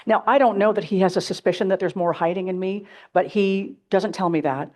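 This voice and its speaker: Speaking briskly in a medium-pitched voice with a darkish tone, a woman delivers a keynote at a symposium. Before the live audience, she recounts her own story with candor and drama.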